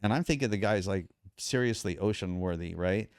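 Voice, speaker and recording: A man with a low, smooth, resonant voice tells a story as a podcast guest, acting out what people said. The sound is dry and close, with no room around it. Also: brisk, dry recording. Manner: animated storyteller, acts out quoted dialogue. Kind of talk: casual storytelling.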